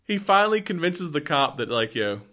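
A man's voice: fairly high pitch, big pitch swings, a little fast, pushed and bright. A man recapping a movie in a loose, rambling way, full of fillers. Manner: rambling, filler-heavy storytelling. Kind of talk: casual movie recap chat.

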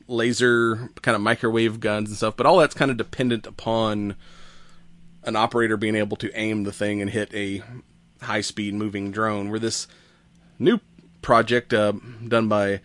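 A man co-hosting a casual podcast, explaining science news in a relaxed way, with fillers and easy laughs. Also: mid-range voice, dry recording. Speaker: podcast co-host.

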